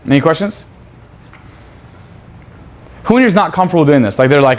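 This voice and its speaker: A man's voice: on the high side, lively intonation, fairly quick. A man leading a live seminar, brash and profane, firing rhetorical questions at his audience. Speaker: seminar instructor.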